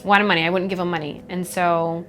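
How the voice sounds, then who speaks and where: A young woman from Chicago telling her personal story in a documentary interview, candid and reflective, halting often with fillers. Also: lowish voice, level tone, fairly bright tone, slight background noise. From Chicago, USA. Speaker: MMA fighter. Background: faint background music.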